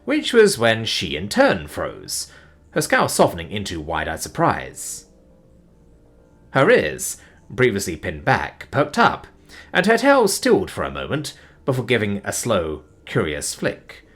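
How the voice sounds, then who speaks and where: A man narrating a science fiction story as an audiobook reader, with an expressive reading. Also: lowish voice, measured pace, husky, soft background music.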